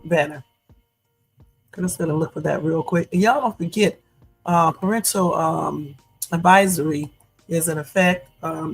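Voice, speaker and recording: A woman hosting a late-night livestream, talking casually and chatting straight to her viewers as "y'all". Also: on the low side. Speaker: livestream host. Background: faint music.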